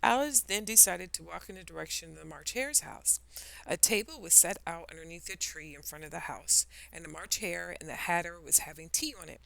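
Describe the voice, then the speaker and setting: A woman narrating a children's story in an expressive storytelling style. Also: lowish voice, fairly quick, vocal fry.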